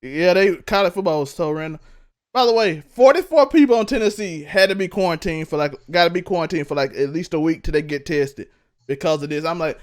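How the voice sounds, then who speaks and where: A man hosting a podcast in loud, laughing, casual banter on a home mic that is turned up so high it clips. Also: brisk. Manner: loud, laughing, animated storyteller. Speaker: podcast host. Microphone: home podcast mic run hot, clipping.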